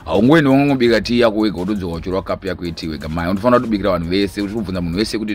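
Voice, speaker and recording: A man's voice: fairly low pitch, very fast, hardly any pauses, slight background noise. A man, a filmmaker, talking casually in a rambling way, switching between Shona and English. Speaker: interviewed filmmaker. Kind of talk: casual recorded interview.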